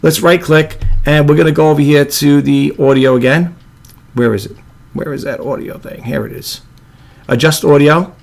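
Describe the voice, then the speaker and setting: A man with a low monotone voice, hosting a casual video editing tutorial and rambling with apologetic asides. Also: normal speed, creaky. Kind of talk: casual screen-recorded tutorial.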